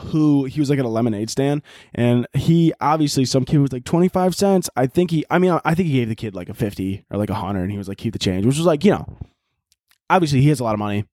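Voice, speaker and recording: A man's voice: mid-range voice, expressive, fast, a little mellow, no echo, studio quality. A man hosting a podcast, riffing in a rambling, profane, comedic monologue and laughing often. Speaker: podcast host.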